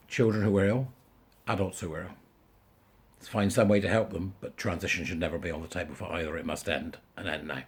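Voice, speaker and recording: A man's voice: low voice, husky. A man ranting bluntly in a casual vlog monologue, exasperated and emphatic. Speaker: vlogger.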